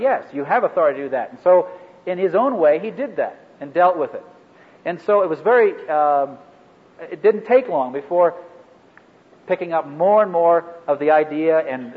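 A man leading a ministry training workshop for a live group, talking in a halting way with many fillers and restarts. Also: fairly high pitch. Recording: echoey hall over a phone-like line.

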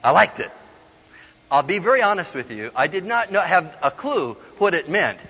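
A man giving a humorous storytelling sermon, animated and laughing often as he acts out the voices in his stories. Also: sits high, normal speed, husky. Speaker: guest preacher. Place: large hall with an audience. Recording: dull lo-fi sound with long hall reverb.

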